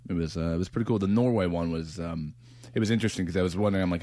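A man's voice: on the low side, big pitch swings, rapid-fire, darkish tone, dry recording, clean studio sound. A man hosting a podcast, chatting casually, laughing often and rambling with restarts. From United States. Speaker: podcast host. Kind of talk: casual chat.

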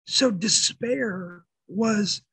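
Raspy, creaky high-voiced man. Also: sharp tone, no room sound, low-quality recording. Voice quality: raspy, damaged voice. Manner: earnest, emotional, with halting restarts. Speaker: pastor, interview guest. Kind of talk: testimony in an interview.

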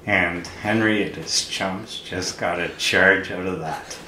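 An older man from Canada telling an amused, halting anecdote about his late father. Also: sits low, steady tone, pushed and bright. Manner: unhurried, halting, amused storytelling. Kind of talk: anecdotal storytelling. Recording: roomy with faint noise.

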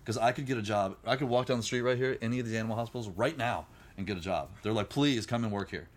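Fast-talking middle-aged man telling his story. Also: fairly low pitch. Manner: rapid, animated, acts out quoted voices. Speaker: podcast guest, musician. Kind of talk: candid storytelling.

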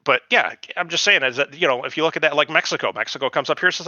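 A man's voice: fairly high pitch, fast, bright, forceful tone, dry recording, highs cut off. A man from the United States co-hosting a podcast, rambling through casual chat with lots of profanity and digressions. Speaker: podcast co-host.

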